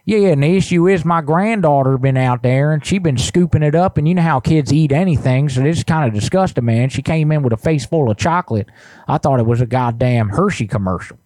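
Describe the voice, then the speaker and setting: A man's voice: fairly quick, a little mellow, no echo, close to an everyday voice. Brief: man voicing a crude redneck neighbor for a prank call, drawling, sings off the cuff. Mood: complaining. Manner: crude, drawling, bursts into rough high singing. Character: irritated redneck male neighbor complaining about a cat. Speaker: prank caller.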